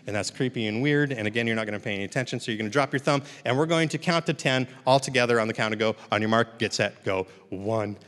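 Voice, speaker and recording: Man, mid-pitch, instructor, cheerful workshop delivery, reverberant hall. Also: very fast, hardly any pauses, a bit bright. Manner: upbeat, encouraging, joking with the audience. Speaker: puppetry instructor. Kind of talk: live workshop teaching to a seated audience. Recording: long hall reverb, speaker off mic.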